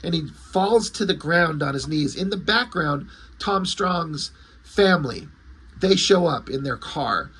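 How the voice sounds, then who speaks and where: A man retells and reviews a comic in a loose, excited ramble. His voice is bright and a little husky and sits slightly high. He gushes over the art and writing. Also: measured pace. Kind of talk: casual enthusiastic comic review.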